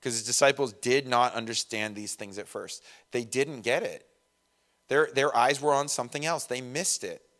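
A man preaching a conversational sermon, acting out quoted voices and swinging between loud and soft. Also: mid-range voice, normal speed. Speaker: pastor.

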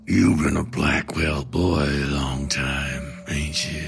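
Man voicing a sly masked horseman, gravelly, smug, drawling, for an audio horror story. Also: extremely low pitch, steady tone, slow, faint music behind, pitched below the performer's own voice, heavily acted. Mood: taunting. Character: menacing masked male rider, sly and cruel.

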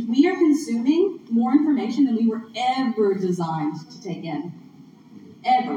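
A woman's voice: a little high, warm tone. A woman giving a conversational, earnest sermon at a church gathering, recorded from a distance in a large hall. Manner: conversational, earnest, laughs along with audience. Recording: distant echoey room mic, muffled, noisy.

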